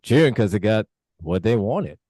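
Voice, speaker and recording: A man's voice: lowish voice, very animated, moderate pace, warm tone, dry recording. A man co-hosting a casual wrestling podcast, interjecting with short, laid-back comments. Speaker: podcast co-host.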